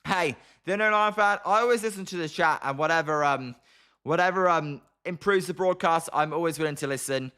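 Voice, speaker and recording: Young British man, fairly high voice, quick and chatty live stream commentator. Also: pushed and bright, clear, resonant tone. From Britain. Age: young adult. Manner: fast-talking, chatty. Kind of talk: live watch-along commentary and chat replies.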